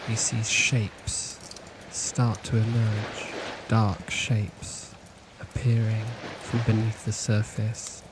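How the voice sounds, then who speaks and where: A man narrating as game master of a tabletop horror game, in a measured, hesitant way. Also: on the low side, monotone, background noise.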